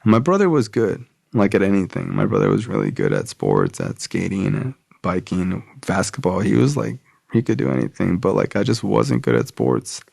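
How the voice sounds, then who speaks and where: Man, low voice, gravelly, casual storyteller, dry close sound. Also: normal speed, no echo. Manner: casual, relaxed, frequent "like" and "bro". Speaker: podcast guest. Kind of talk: personal storytelling.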